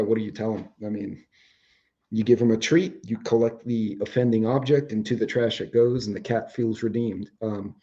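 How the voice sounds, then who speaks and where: Speaking in a fairly low, mellow voice, this male host runs an informal chat show from home with dogs around him. He meanders and swears offhandedly while his voice starts to wear out, and the audio sounds dull.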